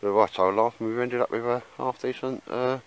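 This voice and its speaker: A man's voice: mid-range voice, steady tone, a little fast, clean tone, rough recording. A man chatting casually in a rambling way with lots of fillers while he shows his camp gear outdoors in the woods. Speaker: bushcraft vlogger.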